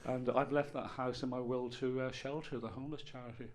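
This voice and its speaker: A man's voice: mid-range voice, steady tone, a little fast, noisy background. A man in his fifties with an Irish accent, performing a stand-up comedy routine with wry, rambling storytelling and playful asides. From Ireland. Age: 50s.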